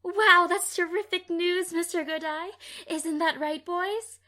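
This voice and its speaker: A clingy teenage girlfriend who scolds, then turns sickly sweet, played by a woman. Her voice is high, bright and unhurried in a fan radio play. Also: steady tone, exaggerated voice. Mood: sugary.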